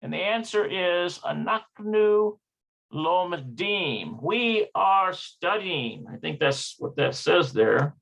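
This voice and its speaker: Slow, bright-voiced man thinking aloud. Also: sits high, animated, gravelly. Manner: hesitant, self-correcting, sounds out words. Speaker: language learner teaching from a textbook. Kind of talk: thinking-aloud study session.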